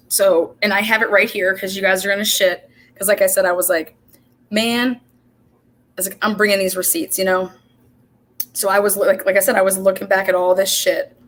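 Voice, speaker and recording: A woman hosting a casual livestream, telling an animated, profane story and quoting the dialogue back and forth. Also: mid-range voice. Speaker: show host.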